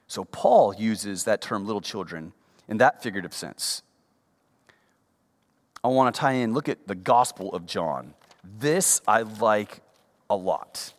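A man preaching a sermon, reading Bible verses aloud and explaining them, his voice climbing high for emphasis. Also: animated, a little slow, in a large hall.

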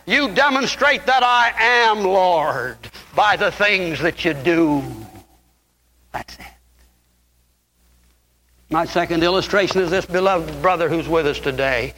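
An older male preacher delivers a fiery sermon in a high, piercing voice. He climbs to loud, impassioned peaks and then sinks to quiet, low asides. His tone is bright and cutting throughout.

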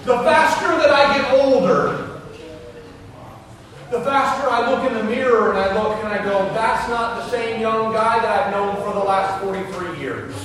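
A man in his forties preaching a sermon as pastor, telling stories with big swings from loud to soft. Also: sits high, steady tone, moderate pace, few pauses. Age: 40s. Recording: echoey hall, voice from far off, noisy.

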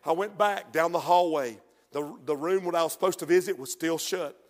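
High bright preacher, booming hall. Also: male voice, moderate pace. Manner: storytelling, shifts from hushed recounting to shouted preaching. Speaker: pastor. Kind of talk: sermon. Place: church sanctuary. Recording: long reverb of a large hall.

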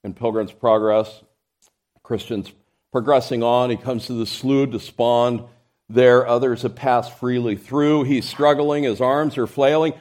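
A man's voice: mid-range voice, steady tone, measured pace, darkish tone. A man preaching a sermon to his congregation, building emphasis through his points and often restarting mid-phrase. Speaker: pastor.

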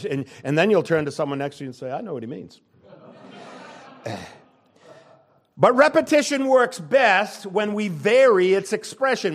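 Emphatic older male pastor preaching. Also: fairly high pitch. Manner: emphatic preaching, shifting between loud and quiet. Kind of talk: sermon.

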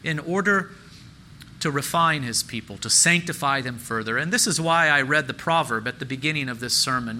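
Earnest preaching man, very bright voice. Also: mid-range voice, normal speed, a little hiss or hum, rough recording. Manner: earnest, rising emphatic preaching with repeated phrases. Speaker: pastor. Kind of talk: sermon.

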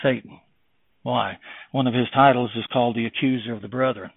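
Preacher on a tinny, dry line. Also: male voice, steady tone, fairly quick, slightly rough, dry recording. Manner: impassioned preaching, swinging from loud exhortation to low earnest tones; rhetorical questions and King James scripture phrasing. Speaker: pastor. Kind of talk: sermon. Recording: dry, tinny phone-like sound.

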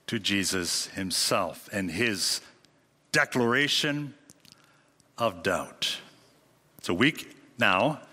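A man preaching a sermon, speaking emphatically with dramatic swings in pitch and rhetorical questions to his congregation. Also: sharp tone. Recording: long hall reverb.

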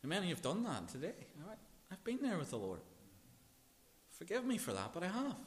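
A man preaching a sermon as pastor, emphatic and repetitive, swinging between hushed and loud. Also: high-pitched, huge pitch swings, a little fast. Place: church. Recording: long reverb of a church hall.

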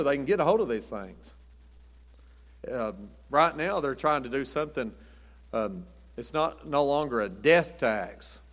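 A man's voice: medium pitch, a bit bright. A man preaching a sermon in a folksy, conversational way with acted asides, recorded in a church sanctuary. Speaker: pastor. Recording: long hall reverb.

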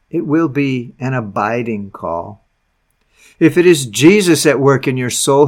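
A man reading an old sermon aloud, preaching earnestly with slow, stretched phrases that sink to a hush at the ends. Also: medium pitch. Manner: drops to a hushed, soft voice at phrase ends. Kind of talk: read-aloud Victorian sermon.

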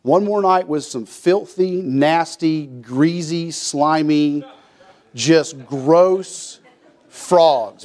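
A man's voice: a little high, extremely slow, darkish tone. A man preaching a folksy sermon, acting out quotes and often restarting his sentences. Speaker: pastor.

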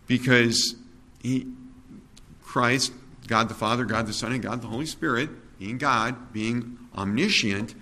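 In a mid-range voice, a man delivers a sermon conversationally, drifting into digressions. He uses fillers, corrects himself, and softly chuckles at his own asides.

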